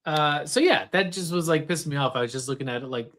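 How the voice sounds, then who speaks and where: A man's voice: on the high side, fast. A man co-hosting a casual sports podcast, talking loosely with plenty of ums and uhs. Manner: relaxed, lots of fillers. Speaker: podcast co-host. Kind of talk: casual sports chat over beers.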